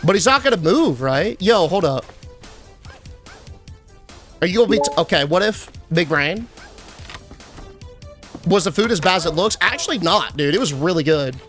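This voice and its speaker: A young man streaming a game live, chatting casually and answering his chat with shout-outs. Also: high-pitched, expressive, normal speed, long pauses, soft background music.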